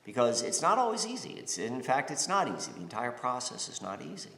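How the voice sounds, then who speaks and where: A man's voice: mid-range voice, wildly swooping pitch, brisk, vocal fry, sharp tone. A man from the United States giving a casual spiritual talk, rambling with many fillers, restarts and "you know"s. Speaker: spiritual podcast host. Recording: roomy reverberant space.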